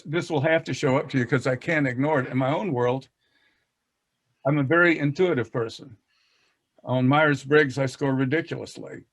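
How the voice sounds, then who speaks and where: A man with a Southern US accent who talks in a folksy, self-deprecating way, laughing often as he leads a casual discussion about teaching reading on a video call. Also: mid-range voice. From American South.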